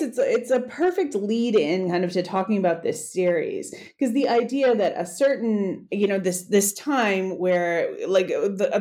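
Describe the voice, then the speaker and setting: A woman's voice: mid-range voice, a little mellow. A woman hosting an academic podcast interview, chatty and rambling, laughing easily. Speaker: podcast host.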